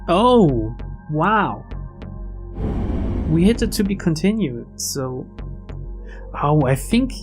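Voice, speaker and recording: A man's voice: a little high, very animated, slow, long pauses. A man narrating a game casually, with sarcastic, chuckling asides. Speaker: let's play narrator. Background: game music.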